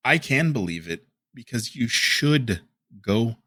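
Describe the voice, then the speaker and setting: Bright, lively ranting man. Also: fairly low pitch, measured pace, no room sound. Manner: ranting, insulting, fired up. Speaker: commentary YouTuber. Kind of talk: heated commentary.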